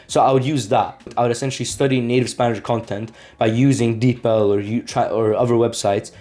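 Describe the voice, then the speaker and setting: A man's voice: medium pitch, steady tone, brisk, warm tone. A man vlogging to camera in a casual, rambling way, often restarting words mid-sentence. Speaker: language-learning vlogger.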